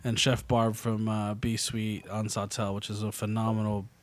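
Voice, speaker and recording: A man's voice: lowish voice, little pitch movement, moderate pace. A man in casual podcast chat, rambling through a story with restarts. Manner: rambling, restarts, laughs often.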